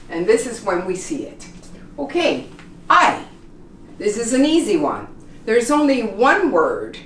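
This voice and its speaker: Slow, patient woman teaching pronunciation. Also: mid-range voice, slight background noise. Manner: patient, repeats example words slowly. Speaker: English teacher. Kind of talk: classroom pronunciation lesson. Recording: echoey room, mic at a distance.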